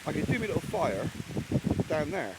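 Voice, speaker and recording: Blunt, swearing man from England, lively pitch. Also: moderate pace, heavy background noise. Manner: blunt, rambling, swears freely. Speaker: solo camper vlogger. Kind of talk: casual outdoor vlog talk. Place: outdoors in rainy woodland camp. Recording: outdoor recording with loud rain.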